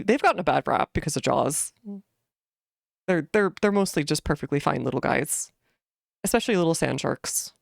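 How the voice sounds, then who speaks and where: Gravelly low-voiced woman rambling casually. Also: no echo, studio quality. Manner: rambling, many fillers and restarts, giggly. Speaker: streamer playing a game. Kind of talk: casual game commentary.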